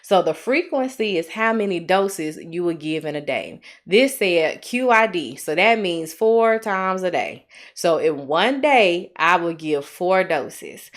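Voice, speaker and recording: A woman with an Alabama accent tutoring nursing students on a live stream, chatty and encouraging, slowing down to walk through each step. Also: on the low side. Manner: chatty, encouraging, reads viewer comments aloud; slow, deliberate when working steps.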